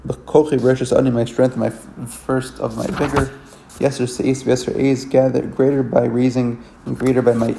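A man with a gravelly, dark-toned voice teaches a religious text. He reads each verse aloud, then translates it phrase by phrase. His delivery is halting, with frequent fillers and self-corrections. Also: medium pitch. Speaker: Torah teacher.

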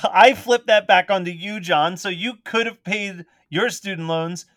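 A man's voice: sits high, a little slow, a bit bright, no room sound, studio quality. A man co-hosting a podcast, teasing the others in casual chat. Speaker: podcast co-host.

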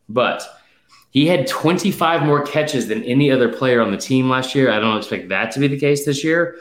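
A man in a casual sports chat reels off numbers and predictions with emphatic drive, sounding slightly out of breath. His mid-pitched voice sits in an echoey room that rings around every line. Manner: rapid stat-heavy, emphatic, with fillers. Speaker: podcast host.

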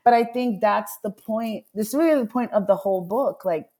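Speaking at a moderate pace with a mellow, medium-pitched voice, this middle-aged woman is an author being interviewed. She relates a personal story earnestly and muses aloud during the candid conversation.

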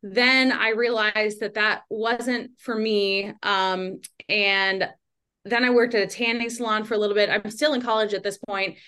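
A young woman talking as a podcast guest, chatty and animated, with lots of "like" and quick asides. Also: mid-range voice, clear, resonant tone. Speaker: podcast guest, independent journalist. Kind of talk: casual podcast conversation.

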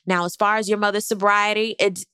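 A woman's voice: medium pitch, level tone, a little fast, bright, forceful tone, smooth, no echo, clean studio sound. A woman giving a casual, sassy recap of a reality show into a microphone, swearing freely. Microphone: speaking into a microphone.

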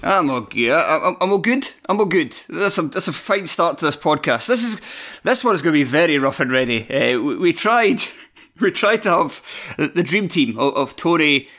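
Laughing podcast host. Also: male voice, on the high side, fairly bright tone. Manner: self-deprecating, swears freely, laughs often. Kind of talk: casual podcast chat.

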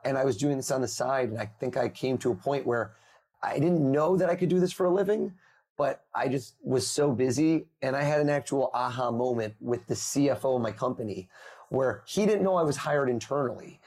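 A man in his thirties, a mentalist guest on a podcast, telling lively stories and acting out the people in them. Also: medium pitch, fairly quick, husky. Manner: animated storyteller, acts out quoted voices. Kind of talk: podcast interview over video call.

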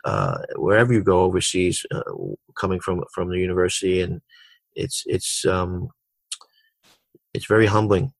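Low-voiced man coach with dry sound. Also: gravelly, no echo. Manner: repeats words and restarts often, tells anecdotes. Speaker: basketball coach. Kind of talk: conversational interview answers.

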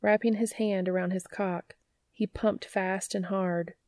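A woman narrating a story in an unhurried, even reading voice. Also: medium pitch, no room sound. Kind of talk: audiobook narration.

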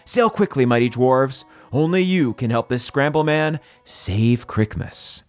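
Sea captain, grand and rallying, voiced by a man. Light, animated read. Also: mid-range voice, a little slow, no echo, soft background music. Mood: rousing.

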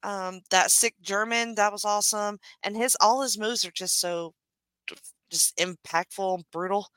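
A woman gives her blunt, casual take as a podcast guest, swearing freely. Her voice is bright and mid-pitched, recorded dry and close. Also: fairly even intonation, a little slow, smooth, no room sound, rough recording.

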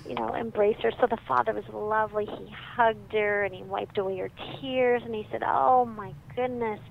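Animated woman telling stories, muffled. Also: a little high, gravelly. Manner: lively, animated storyteller who laughs often. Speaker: psychiatrist and parenting author, guest. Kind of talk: storytelling in a conversation. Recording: muffled with faint background noise.

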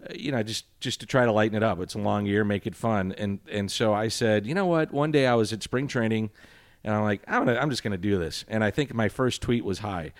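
A middle-aged man who talks in a loose, rambling way with a dry, sarcastic edge. He is a sports broadcaster answering an interviewer's questions. His voice sits fairly low and the recording is dry and close. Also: a little fast, no echo.

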